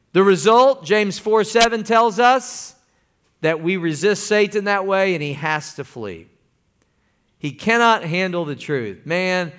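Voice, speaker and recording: A man with a fairly bright, somewhat high voice preaches a sermon as pastor. His manner is folksy, and he calls on the congregation to answer back.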